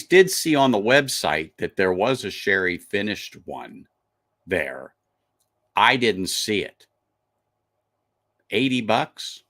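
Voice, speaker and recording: A man's voice: lowish voice, fairly bright tone. A man hosting a live stream, reviewing a whiskey in casual, chatty talk full of restarts and fillers.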